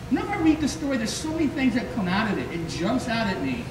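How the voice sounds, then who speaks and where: A man's voice: extremely high pitch, fast, hardly any pauses. Man preaching in an echoey hall. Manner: lively storytelling, acting out quoted voices. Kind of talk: sermon. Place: church sanctuary. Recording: echoey hall from far off, noisy.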